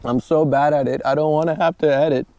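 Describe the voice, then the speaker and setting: A man's voice: on the high side, steady tone, quick pace, mellow. A man hosting a casual podcast outdoors on a trail, sassy and laughing often, with some swearing. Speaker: podcast host. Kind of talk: casual chat.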